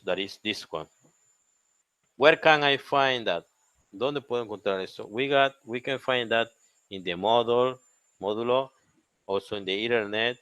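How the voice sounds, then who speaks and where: A man's voice: lowish voice, a bit bright, no room sound. A man with a Chilean Spanish accent teaching an English grammar lesson, repeating each point in Spanish and spelling out letters.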